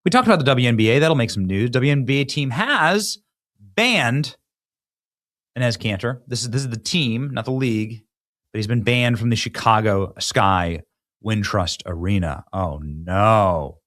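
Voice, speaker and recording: A man hosting an interview show, chatty and quick to laugh. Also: medium pitch, lively intonation, fairly bright tone, no room sound, clean studio sound. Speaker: show host. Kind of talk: casual interview talk.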